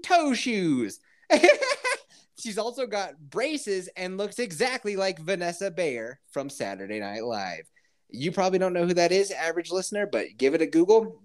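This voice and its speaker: Low-voiced, animated woman telling a story. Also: normal speed. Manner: profane, animated, laughs often. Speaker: podcast co-host. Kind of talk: casual storytelling chat. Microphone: remote call.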